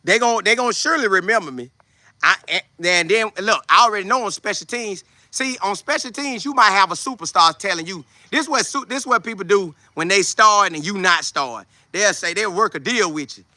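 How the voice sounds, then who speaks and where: A man in his twenties, hosting a casual football show, talking loudly and boastfully with lots of energy. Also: high-pitched, a little fast, no echo. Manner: loud, trash-talking, animated. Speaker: show host, football player. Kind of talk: casual livestream chat.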